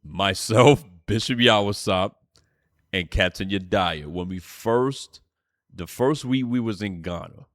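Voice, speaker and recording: A man's voice: lowish voice, takes it slowly, a bit bright. A man teaching a church class, telling a story with fiery, profane outbursts. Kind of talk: preaching class lesson.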